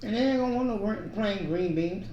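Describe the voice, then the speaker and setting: A woman's voice: mid-range voice, brisk, a little hiss or hum. A woman chatting casually at home with teasing, matter-of-fact replies. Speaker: co-host of a family channel. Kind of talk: casual chat. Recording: echoey room, slightly dull sound.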